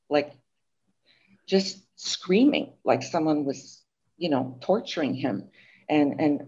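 Interviewed as a guest author, this older Montreal woman tells chatty, lively stories packed with filler words. She has a low voice with a breathy edge, recorded with lo-fi sound.

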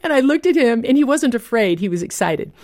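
A woman guest author telling a moving story in a radio interview, vivid and heartfelt, dropping to a hush at key moments. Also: a little high, lively intonation, brisk, no echo, clean studio sound.

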